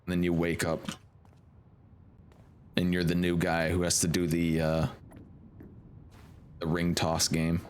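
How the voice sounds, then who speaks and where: A man's voice: sits low, completely flat delivery, a little slow, pauses often, a little hiss or hum. A man streaming a game, telling rambling, chuckling stories in casual chat and swearing freely. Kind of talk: casual chat while gaming.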